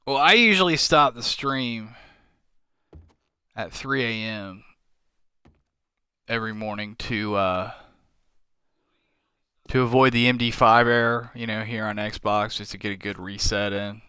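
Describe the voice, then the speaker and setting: Sleepy male game streamer, slow and rambling, clean bright voice on a dry close mic. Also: fairly low pitch, clean tone, no room sound. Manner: slow, rambling, thinking aloud with many fillers. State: tired, yawning late at night. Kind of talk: casual live-stream commentary.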